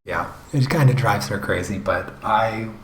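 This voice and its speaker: A young man with a low, deep voice talks slowly in a rambling, halting way. He hosts a casual live stream, full of fillers and restarts. His voice sounds roomy, with faint hiss behind it. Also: a bit bright. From United States. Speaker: art channel host.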